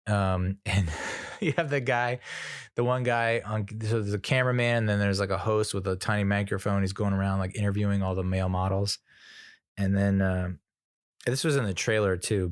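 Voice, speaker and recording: A man's voice: lowish voice, no room sound, studio quality. A young man, casually retelling scenes from a movie and laughing at his own stumbles as a podcast host. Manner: rambling, laughs at himself, retells scenes with acted quotes. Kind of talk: casual solo review.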